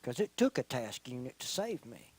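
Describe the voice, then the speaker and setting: A middle-aged man giving a personal testimony in church, telling his story slowly and earnestly, often dropping to a quiet voice. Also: mid-range voice, very animated, breathy edge, poor audio. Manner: slow, earnest storytelling with quiet, soft-spoken stretches. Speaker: testimony speaker.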